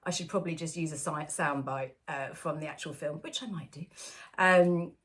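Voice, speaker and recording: Woman, lower-pitched voice, chatty, laughs a lot, casual podcast host. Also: moderate pace. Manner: chatty, laughs often, many fillers. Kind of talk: casual film-discussion podcast chat.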